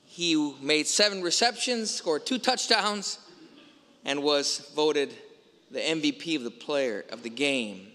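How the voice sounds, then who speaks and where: Priest, male, storytelling homily, bright and fairly high voice, long church echo. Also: lively intonation, slow. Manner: storytelling, emphatic rhetorical questions. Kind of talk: sermon. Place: large church.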